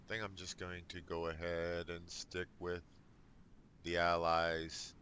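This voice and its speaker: A man's voice: low voice, monotone, unhurried, bright, forceful tone, slight background noise. A man giving casual let's play commentary on a strategy game, thinking aloud with dry jokes. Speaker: gamer.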